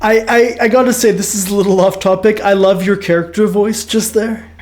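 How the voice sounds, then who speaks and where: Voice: medium pitch, steady tone, brisk, darkish tone. A podcast host interviewing a guest, curious and asking follow-up questions.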